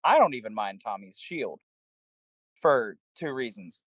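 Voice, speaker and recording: A man's voice: mid-range voice, animated, a little slow, fairly bright tone, breathy edge, dry recording. Jokey man on a dry mic. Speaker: podcast co-host. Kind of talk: casual chat.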